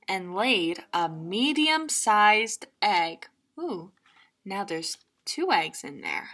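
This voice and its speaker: A children's librarian reading a picture book aloud, playful and animated, with laughing asides. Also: female voice, medium pitch, very slow.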